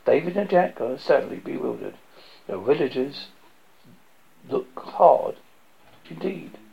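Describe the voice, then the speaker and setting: A man's voice: on the high side, expressive, slow pace, vocal fry. A man narrating as he reads a film script aloud, stumbling and correcting himself as he goes. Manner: stumbling, self-correcting reading. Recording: dull lo-fi recording.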